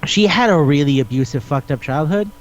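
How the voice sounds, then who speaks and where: A man's voice: on the high side, animated, a little fast, lo-fi sound. A man hosting a casual podcast chat, rambling and swearing as he retells scenes and acts out the dialogue. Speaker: podcast host.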